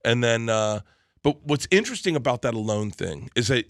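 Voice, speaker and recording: A man, a comedian guest, telling stories in a casual interview in a rambling, animated way with many restarts. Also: mid-range voice, brisk, no room sound, studio quality.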